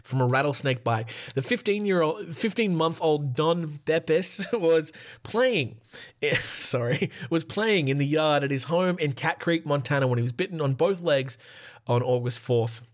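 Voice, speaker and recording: A man's voice: on the high side, animated, unhurried. A man hosting a casual solo podcast, reading out a list while laughing at himself and breaking off to joke. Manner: giggly, irreverent, self-interrupting. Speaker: podcast host.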